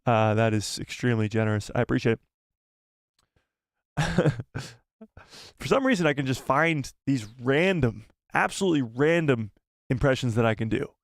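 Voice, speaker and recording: Chatty young man with a gravelly edge. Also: medium pitch, expressive, moderate pace, pauses often, dry recording, clean studio sound. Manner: chatty, laughs often, thanks donors. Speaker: live-stream host. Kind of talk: casual live-stream chat.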